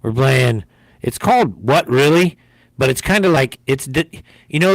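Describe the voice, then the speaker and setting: A man's voice: mid-range voice, expressive, normal speed, creaky, no echo. A man hosting a casual livestream game, rambling and jokey and often repeating himself. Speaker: livestream host.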